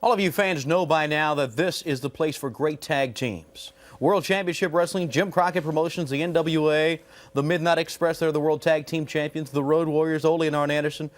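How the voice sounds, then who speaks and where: A male wrestling TV host with a fairly high voice. He asks interview questions and introduces the next segment in a smooth, even broadcast manner. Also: a little fast. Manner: smooth, even announcer delivery.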